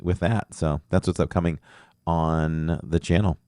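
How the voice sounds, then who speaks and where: Deep smooth-voiced guy hosting a podcast, upbeat sign-offs, dry close mic. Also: fairly even intonation, a little slow, darkish tone, no room sound. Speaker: podcast host. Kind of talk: casual live podcast chat.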